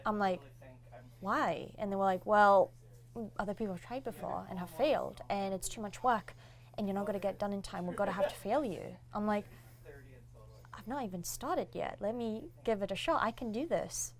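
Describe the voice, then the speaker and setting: This young woman, a comic artist, is chatting in a relaxed interview, bringing her anecdotes to life by acting out what others said. Her voice is mid-range, and she talks at a normal speed.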